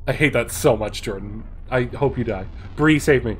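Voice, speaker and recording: A man's voice: mid-range voice, moderate pace, few pauses, slight background noise. A man live-streaming, reading horror stories aloud and joking casually with his viewers. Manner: chatty, joking with chat; swears casually.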